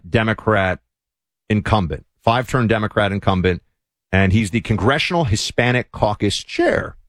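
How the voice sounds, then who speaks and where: Man, talk show host, sardonic opinion monologue, restarts a lot, animated pitch, dry room. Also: no room sound. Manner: sardonic, rambling with frequent restarts. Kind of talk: opinionated political commentary.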